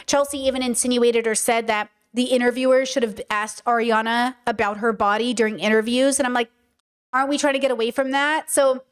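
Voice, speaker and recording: A woman's voice: a little high, clear, resonant tone. A young woman hosting a casual livestream podcast, talking in an emphatic, chatty way with many fillers and restarts. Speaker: podcast host.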